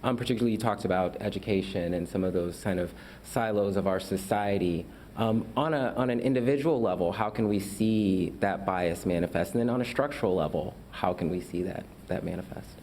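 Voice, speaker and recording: A man's voice: deep voice, a little fast, darkish tone, slight background noise. A man moderating a panel, asking open questions with some hesitation.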